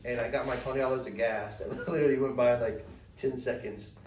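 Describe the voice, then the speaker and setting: This young podcast host talks fast in a darkish, mid-range voice with fairly flat intonation, telling a rambling story in slang and performing the quotes. The casual chat comes through an echoey room, with the mic set back and faint noise present.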